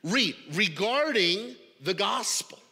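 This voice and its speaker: A congested man preaching a sermon in an animated, stammering way, often repeating words. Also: sits high, slow pace, breathy edge, in a large hall. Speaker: pastor. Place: church auditorium.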